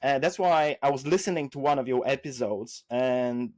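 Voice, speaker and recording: A man telling business stories as a podcast guest, acting out dialogue with lively jumps and frequent restarts. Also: normal speed. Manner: animated, acts out quoted dialogue with big pitch jumps; many restarts and fillers, non-native phrasing. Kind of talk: casual interview storytelling.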